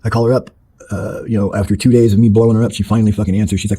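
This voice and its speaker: A man talking quickly in a very dark, mellow, husky voice as he tells his own story to an interviewer. He is blunt and swears freely, rambling along with fillers and half-finished sentences. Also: lowish voice, level tone, poor audio. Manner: blunt and profane, with many fillers. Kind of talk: candid personal storytelling.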